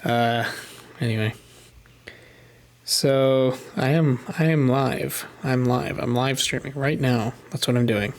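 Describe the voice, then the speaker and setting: Slow and fairly even in intonation, his medium-pitched voice carries casual live-stream commentary as he plays a puzzle game. Sitting at his desk microphone, the man thinks aloud and mutters while he figures things out.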